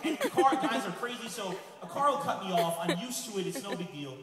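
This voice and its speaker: Animated comedian in echoey hall. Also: male voice, sits high, fairly quick. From Lebanon. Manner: rambling, animated, with frequent restarts. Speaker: stand-up comedian. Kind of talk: live stand-up set. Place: large hall with live audience. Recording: echoey hall, distant mic, loud crowd.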